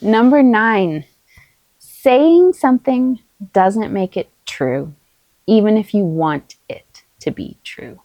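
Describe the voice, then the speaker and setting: Woman, middle-aged, mother, parenting advice to camera, calm, earnest, encouraging, dry close sound. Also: mid-range voice, takes it slowly, no room sound. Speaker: parenting vlogger, mother of many. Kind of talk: casual spoken advice to camera.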